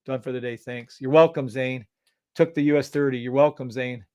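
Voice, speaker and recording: A man hosting a live trading stream, loud and hyped, cursing freely and dropping from shouts to mutters. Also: medium pitch, fairly even intonation, normal speed, clear, resonant tone, dry recording.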